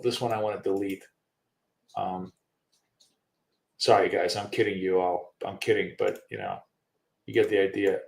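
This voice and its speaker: A man of ordinary pitch talks through his trades on a live screen-share. He rambles and thinks aloud, filling gaps with ums and restarting his sentences. He swears offhandedly now and then. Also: vocal fry. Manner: swears casually. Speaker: trading show host.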